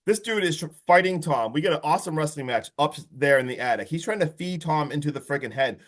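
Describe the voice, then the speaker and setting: Guy on a podcast rambling thru a movie plot, kinda high voice, super hyped and casual. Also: fast talker. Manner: excited, rambling retelling full of "like" and "friggin'". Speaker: podcast co-host.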